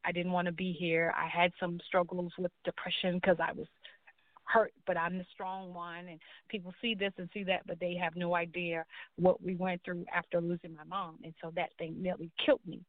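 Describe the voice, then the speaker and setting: A woman's voice: lowish voice, little pitch movement, moderate pace, dry recording. Woman guest, earnest storyteller voicing her quoted dialogue, thin phone-like sound, dry. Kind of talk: personal testimony in a talk show. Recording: tinny phone-like line, dry.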